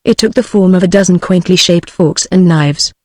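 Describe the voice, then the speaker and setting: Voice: medium pitch, normal speed, dry recording. Dry text-to-speech narrator. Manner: even, mechanical delivery. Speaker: audiobook narrator. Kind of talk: text-to-speech book reading.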